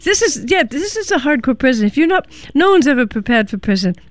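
A woman hosting a community radio show, interviewing a guest and pitching a membership drive, speaking haltingly with many fillers and pauses. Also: sing-song, no room sound.

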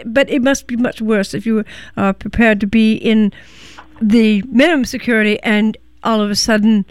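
A woman hosts a community radio show, moving between an interview and a membership pitch. Her voice is slightly high, smooth and clear, and it is close and dry on a studio microphone. She talks haltingly, with frequent fillers and pauses. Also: fairly even intonation, dry recording.

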